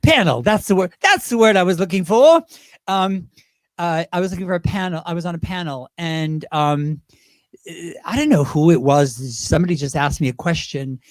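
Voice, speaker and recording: A man with a high voice chats as a talk-show guest, lively and full of asides and restarts. He is close on the mic in a dry room. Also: moderate pace, no echo. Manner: chatty, animated, lots of restarts and asides. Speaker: guest, drag performer. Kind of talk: casual interview chat.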